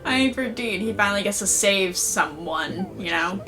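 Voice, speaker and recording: A woman's voice: mid-range voice, animated, moderate pace. A woman giving casual reaction commentary, emotional, exclaiming and swearing often. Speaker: reaction video host. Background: episode audio and music.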